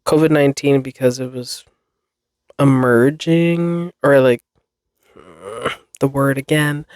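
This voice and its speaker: A young woman talks through her solo podcast at an unhurried, drawn-out pace, losing her thread and apologizing for it. She sounds close and dry, with no room echo around her voice. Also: a bass voice, steady tone, darkish tone. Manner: rambling, self-deprecating, swears and laughs often. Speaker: podcast host. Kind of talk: casual solo chat.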